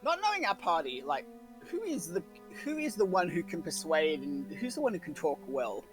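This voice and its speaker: Animated high-voiced man player. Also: normal speed, over music, low-quality recording. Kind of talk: casual game chat.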